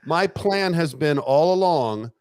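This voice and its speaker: A middle-aged man, a retired police detective and interview guest, telling a story in a casual, animated way, laughing often and swearing freely. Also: fairly high pitch, slow, clear, resonant tone, no echo, clean studio sound.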